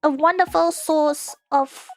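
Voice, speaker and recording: A woman's voice: sits high, fairly even intonation, slow pace, faint music behind. A woman streamer chatting casually and reading viewer comments, giggly and playful with sudden squeals.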